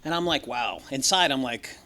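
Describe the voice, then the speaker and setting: Bright-voiced man telling his recovery story. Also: medium pitch, normal speed. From Los Angeles. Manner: candid, profane and joking, acts out voices of others. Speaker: recovery meeting speaker. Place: meeting room.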